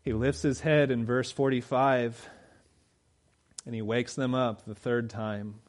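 A middle-aged man preaching a sermon, swinging between loud urgent emphasis and low, quiet storytelling. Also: steady tone, slow pace.

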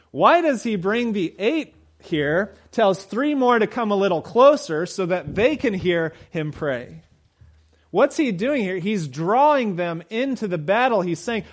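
Fervent preacher with a raised voice. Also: male voice, sing-song, measured pace. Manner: swings from loud urgent emphasis to low quiet storytelling. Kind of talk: sermon.

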